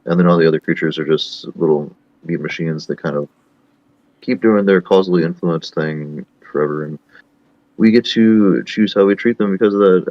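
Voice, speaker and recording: A man's voice: deep voice, a little mellow, no room sound, lo-fi sound. A man in his thirties hosting a casual online chat, thinking aloud in a rambling, thoughtful way. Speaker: host.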